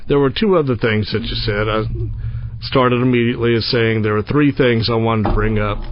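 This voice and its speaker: A man's voice: medium pitch, steady tone, fairly quick, background noise. A man hosting a radio interview, talking in a rambling, folksy, joking way. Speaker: radio host. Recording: slightly muffled radio sound.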